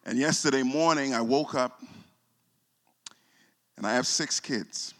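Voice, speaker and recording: A man's voice: medium pitch, unhurried. Pastor in his forties, echoing church. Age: 40s. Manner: repeats words and restarts, voice drops soft when moved. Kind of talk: emotional sermon storytelling. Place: church sanctuary. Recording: long hall reverb.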